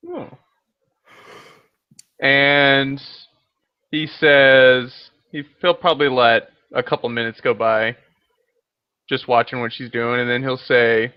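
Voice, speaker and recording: Slow, smooth-voiced male player on a muffled, dry mic. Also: mid-range voice, steady tone, no room sound. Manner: slow, deliberate, describing his character's actions. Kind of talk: casual tabletop play.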